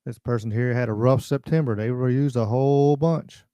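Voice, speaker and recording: A man's voice: mid-range voice, normal speed, no echo, muffled recording. A man hosting a casual livestream talk show, blunt and rambling as he reacts to viewer comments. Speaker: podcast host.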